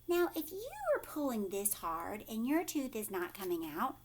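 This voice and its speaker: A teacher reading a picture book aloud to children, pausing to ask her young listeners questions. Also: mid-range voice, noisy background. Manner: animated, talks to young listeners.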